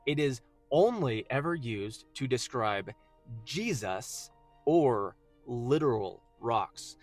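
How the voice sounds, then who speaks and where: A man hosting a casual Bible teaching video, earnest and emphatic, slowing down when he reads verses aloud. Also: medium pitch. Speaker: host.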